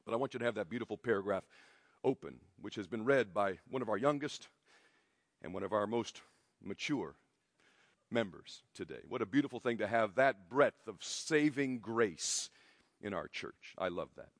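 A male pastor preaching a sermon, emphatic, slowing down for stress and dropping to quiet lines at key moments. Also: lively intonation, no room sound, studio quality. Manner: emphatic, varies pitch and loudness widely, slows for stress.

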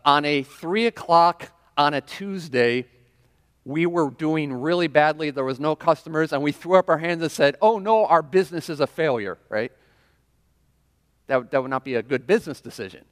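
A man's voice: fairly high pitch, normal speed, fairly bright tone, clean tone. A man preaching a sermon in a church, talking casually and checking in with the congregation with frequent questions. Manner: conversational preaching with frequent "right?" and audience questions. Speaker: pastor. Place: church sanctuary. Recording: long reverb of a large hall.

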